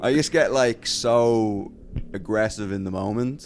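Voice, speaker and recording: A man telling a lively stand-up story in casual podcast chat, acting out crowd voices and swearing freely. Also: fairly low pitch, a little slow, slight background noise.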